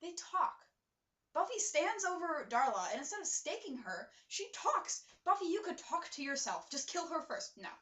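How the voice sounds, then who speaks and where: A woman's voice: very high-pitched, big pitch swings, moderate pace, sharp tone, reverberant, far from the mic. A woman co-hosting a casual episode recap, chatting loosely and peppering her talk with "like". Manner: chatty, fills talk with "like", acts out characters' lines. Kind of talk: casual chat.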